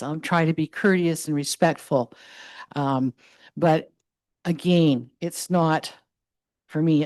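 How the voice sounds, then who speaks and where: A middle-aged woman addresses a gathering with heartfelt intensity. Her voice sits low, and the sound is close and dry. She stumbles and restarts, then surges into loud, passionate emphasis. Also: no room sound. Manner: earnest, halting restarts, rising to loud passion. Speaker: guest speaker. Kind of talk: impassioned public address.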